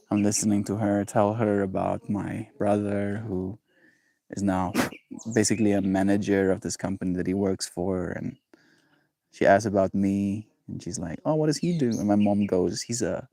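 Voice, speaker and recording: A man's voice: lowish voice, creaky, darkish tone, dry recording. A man on a daily livestream, chatting in a rambling, playful way, laughing often and reading viewer messages aloud. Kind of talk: casual livestream chat.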